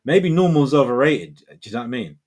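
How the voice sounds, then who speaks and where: A man's voice: mid-range voice, sing-song, a little fast, a little mellow. A man in his forties hosting a livestream, chatting casually and reading viewer comments in a rambling, laid-back way, saying "man" and "bro" often. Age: 40s. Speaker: livestream host.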